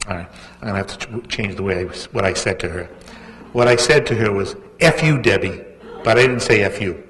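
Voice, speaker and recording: A man's voice: lowish voice, fast talker, a bit bright, in a large hall, a little hiss or hum. A man, an author telling a rambling, self-mocking anecdote at a book launch. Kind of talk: anecdotal storytelling talk. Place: book launch event hall.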